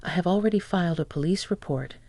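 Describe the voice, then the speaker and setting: A woman's voice: lowish voice, fast talker, darkish tone, no room sound. Woman reading a furious grown son. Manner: stern, scolding. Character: furious adult son confronting his mother.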